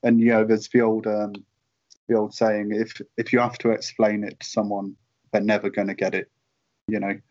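Rambling British man, low voice. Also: monotone, normal speed, darkish tone. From United Kingdom. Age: late 30s. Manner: rambling storyteller, lots of fillers and laughs. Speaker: guest, merchandise writer. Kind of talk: casual anecdote in interview. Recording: dull lo-fi call audio.

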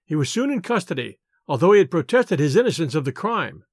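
A man reading classic stories aloud in a measured, dramatic narration. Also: on the high side, very animated, slightly rough, dry recording, clean studio sound. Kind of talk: scripted story narration.

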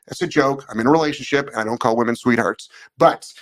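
Loud blunt guy on a dog training podcast, animated, talks straight. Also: mid-range voice, quick pace, hardly any pauses. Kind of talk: casual podcast chat.

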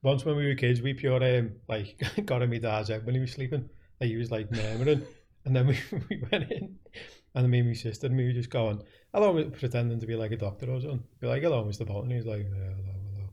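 A man's voice: medium pitch, quick pace, warm tone. Young scouse guy rambling through stories, laughs a lot, casual podcast chat. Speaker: podcast host.

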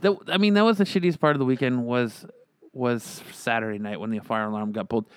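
A man hosting a podcast in casual chat, telling stories animatedly and acting out quotes with big jumps in pitch. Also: fast, smooth, dry recording. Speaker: podcast host.

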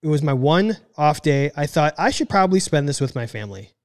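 A man's voice: on the high side, very animated, fairly quick. A man in his thirties co-hosting a show, chatting casually and oversharing with a self-deprecating manner. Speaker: podcast co-host. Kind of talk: casual chat.

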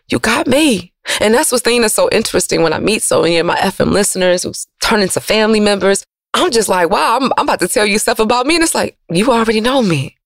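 A woman radio host, giving an emotional, preachy motivational monologue that swings from loud to soft. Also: mid-range voice, no echo, clean studio sound.

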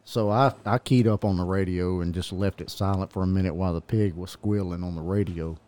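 Low, dark-voiced police officer storyteller. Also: male voice, fairly even intonation, a little fast. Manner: chuckling, meandering anecdote-telling. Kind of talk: casual storytelling chat.

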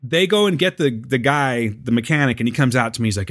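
Profane, animated man telling a story. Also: mid-range voice, fairly quick, few pauses, no echo, studio quality. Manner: profane, animated, acts out quotes. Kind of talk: casual storytelling chat.

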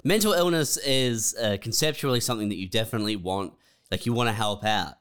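Smooth-voiced man, laid-back. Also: fairly low pitch, fairly quick, a bit bright. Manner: laid-back, reflective, says dude and man. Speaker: podcast co-host. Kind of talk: casual comedic chat.

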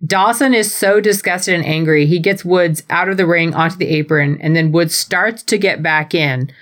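A woman's voice: lowish voice, moderate pace. Giggly woman recapping wrestling. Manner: animated, giggly, playful storytelling. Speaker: podcast co-host recapping wrestling. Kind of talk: casual chat. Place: home.

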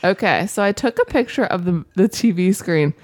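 A woman co-hosting a casual movie review podcast, playful and quick to laugh. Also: on the low side, expressive, a little mellow, no echo. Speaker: podcast co-host.

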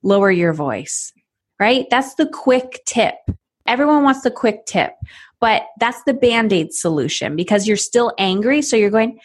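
Measured in pace and mid-range in pitch, a parenting coach in her thirties chats on a podcast, bringing little scenarios to life with different character voices in an animated way.

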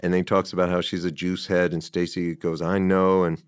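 A man with a low, smooth voice talks loosely and warmly about a movie he loves, circling back and quoting lines as he goes. The sound is close and dry, with no room around him. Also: little pitch movement, a little fast, dry recording. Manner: rambling, enthusiastic, quotes dialogue in passing. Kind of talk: casual film discussion.

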